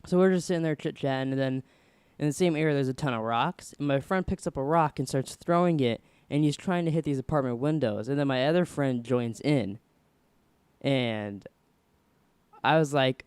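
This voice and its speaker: A young man hosting a podcast, casually rambling through an animated story. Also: mid-range voice, normal speed, smooth, dry recording. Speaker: podcast host.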